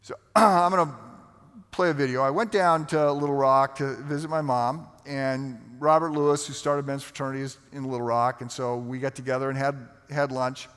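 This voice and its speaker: A male pastor telling a story in a conversational sermon, with halting restarts. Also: mid-range voice, steady tone, fairly bright tone, smooth. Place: large church sanctuary. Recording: long hall reverb.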